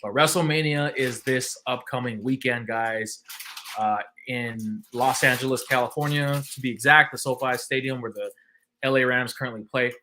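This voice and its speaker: A man's voice: mid-range voice, fairly even intonation, normal speed, sharp tone, slight background noise. A man hosting a livestream, chatting casually with lots of fillers and restarts. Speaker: livestream host. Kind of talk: casual chat.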